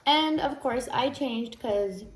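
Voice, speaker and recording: A woman's voice: high-pitched, slow, faint music behind. A woman vlogging casually at home, a mother of a toddler who explains things in a chatty way, with fillers and restarts. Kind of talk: casual home vlog talk. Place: home, indoors.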